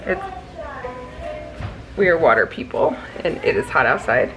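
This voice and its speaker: A woman's voice: deep voice, wildly swooping pitch, measured pace, background noise. A woman in her thirties from Nebraska, chatting casually to camera in a family vlog and laughing often. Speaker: vlogger, mother.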